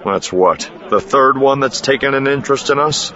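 A grim, gruff smuggler, voiced by a male audiobook reader, clipped and tense, with a bright edge. The recording is slightly dull with faint noise. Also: medium pitch, moderate pace, a faint crowd, pitched above the performer's own voice, close to an everyday voice.

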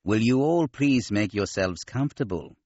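A man voicing a modest male alien admiral with a nasal voice, gentle and courteous. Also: lowish voice, animated, moderate pace, no room sound, muffled recording.

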